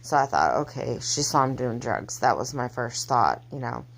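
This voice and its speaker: A woman telling a personal story in a casual, halting way, with many pauses and restarts. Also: rumbling low, big pitch swings, vocal fry. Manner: halting, hesitant, soft-spoken delivery. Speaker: mother telling her family's story.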